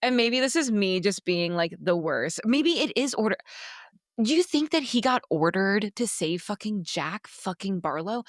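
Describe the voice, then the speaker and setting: A woman's voice: medium pitch, no room sound. Young woman ranting about a book on a podcast, swears a lot, voice jumps all over, dry sound. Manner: animated, heavy swearing. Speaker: podcast co-host. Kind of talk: casual chat.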